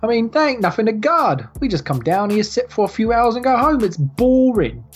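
A woman's voice: on the high side, big pitch swings, brisk, pitched above the performer's own voice. A woman voicing a bored male guard who grumbles in a complaining drawl during a tabletop game.

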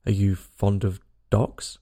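A man's voice: fairly low pitch, flat delivery, slow pace, mellow, voice pushed down. A man voicing a polite, curious young girl who chatters eagerly and earnestly in a storybook reading.

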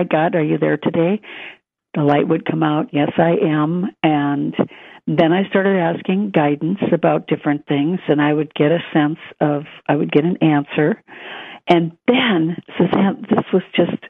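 A woman tells a personal story as an interview guest, lively and animated, playing out each quoted voice as she goes. She comes through a narrow, tinny phone line with no room sound around her. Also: low voice, vocal fry, husky, dry recording. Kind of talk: storytelling in a conversation.

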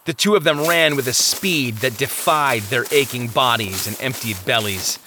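A man's voice: mid-range voice, moderate pace, noisy background. A man narrating an audiobook chapter with vivid, dramatic storytelling. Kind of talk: scripted narration. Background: music.

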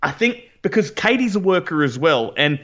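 A man co-hosting a podcast in casual chat, enthusiastic, quick, with frequent restarts. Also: a little high, very animated, fairly bright tone, highs cut off. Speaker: podcast co-host.

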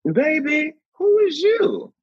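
A man's voice: extremely high pitch, wildly swooping pitch, takes it slowly, dry recording, voice pushed up, full character voice. Sassy older woman, put on by a man, teasing drawl, dry muffled take.

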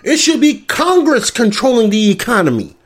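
High-voiced man, laughing, profane rant. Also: sing-song, moderate pace. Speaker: commentary show host. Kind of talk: comedic political rant.

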